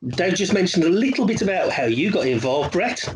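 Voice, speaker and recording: A man's voice: high-pitched, big pitch swings, a little fast, noisy background. A man hosting a casual video call catch-up, cheery and teasing. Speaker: interviewer.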